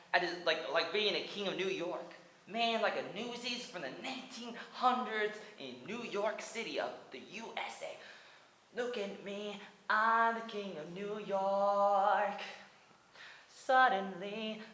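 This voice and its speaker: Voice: medium pitch, pushed and bright, reverberant, low-quality recording. A speaker in their twenties from the United States, rambling through a comic retelling of a cartoon movie with stammered restarts and lots of "like". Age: 20s. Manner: rambling, stammering restarts, many likes, breaks into song.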